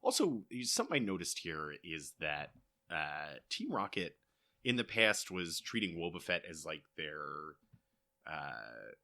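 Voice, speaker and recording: A man co-hosting a casual comedy podcast, chatting slowly and dropping in wry jokes. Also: low-pitched, very animated, bright, forceful tone. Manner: slow, wry, drops in jokes. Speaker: podcast co-host.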